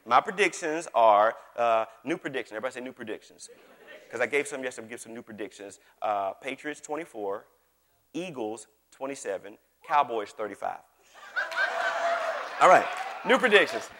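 Joking pastor preaching. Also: male voice, mid-range voice, expressive, moderate pace, fairly bright tone. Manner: folksy, joking, calls for congregation responses. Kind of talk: sermon. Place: large church hall. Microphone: microphone on stage. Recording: long hall reverb.

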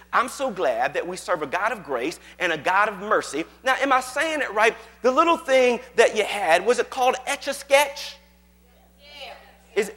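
A male pastor preaching a sermon, chatty and storytelling, checking in with the congregation and building to loud exhortation. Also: sits high, in a large hall. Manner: call-and-response, often asking "you got it?".

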